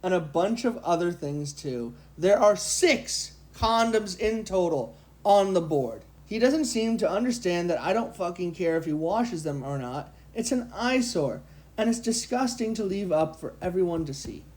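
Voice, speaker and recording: A man's voice: high voice, lively intonation, normal speed, a little mellow. A man co-hosting a podcast who reads a story aloud and jokes between lines. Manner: playful, laughs between lines. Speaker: podcast co-host. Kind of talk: reading stories aloud and chatting.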